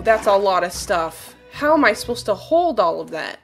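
Excitable lady chatting over her game, slow talk, bouncy voice, gasps a lot then mutters quietly. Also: on the high side, faint music behind. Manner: excitable, gasping, often drops to murmurs. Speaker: gaming streamer. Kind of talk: casual gameplay commentary.

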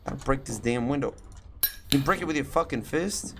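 A man's voice: medium pitch, lively intonation, fairly quick, noisy background. A man commentating a horror game, scared and tense, swearing and talking to himself as he plays. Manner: jumpy, swearing, talks to himself while playing. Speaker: gaming YouTuber.

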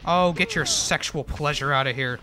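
A young man streaming a video game live, swearing and venting his frustration in loud outbursts. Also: on the high side, moderate pace. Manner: exasperated, swearing, frequent outbursts. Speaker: gaming streamer. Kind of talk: live gameplay commentary.

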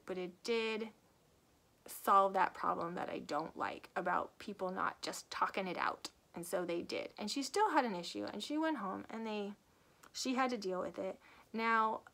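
Animated woman reviewing a book. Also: mid-range voice. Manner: lively retelling with acted character quotes; laughs often while talking. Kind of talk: casual book review vlog.

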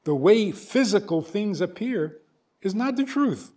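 An older man lectures as a rabbi, his pitch rising and falling widely as he spins a story. He slips into the voices of the people in it, going back and forth between them. His voice sits a little higher than most men's. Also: unhurried. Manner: animated storyteller, acts out both sides of dialogues. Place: synagogue hall.

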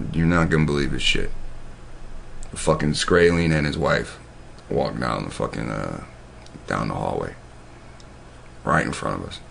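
Deep gravelly man telling a rambling story. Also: a bit bright, slight background noise. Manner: profane, loose and conversational with many restarts.

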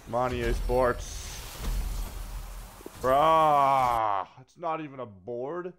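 A man giving casual commentary while opening packs in a video game, swearing freely and swinging between flat grumbling and excited shouts. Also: medium pitch, normal speed, slight background noise. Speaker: gaming video creator.

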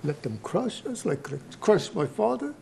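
A man playing an older Italian immigrant mob grandfather in a comedy sketch, speaking halting, broken English with an Italian accent and slipping into Italian. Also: high-pitched, very animated, vocal fry, dark tone, a little hiss or hum, full character voice. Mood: grave storytelling.

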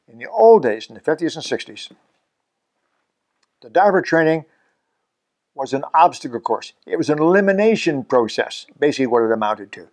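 A man's voice: on the high side, big pitch swings, moderate pace, long pauses. A man in his seventies from Canada, a scuba instructor hosting his own channel, talking casually to the camera in a chatty, self-mocking way with chuckles between points. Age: 70s.

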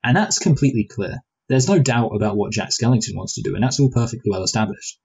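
A man's voice: on the low side, fast talker, gravelly, a little mellow, breathy edge, dull audio. A man co-hosting a film review chat, rambling and hesitant, with many restarts and playful speculative asides. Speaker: film review podcast co-host.

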